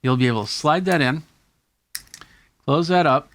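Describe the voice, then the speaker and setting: A man's voice: on the high side, normal speed, fairly bright tone, no echo. A man hosting a tech video, casually and enthusiastically demonstrating camera gear hands-on. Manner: casual, enthusiastic show-and-tell.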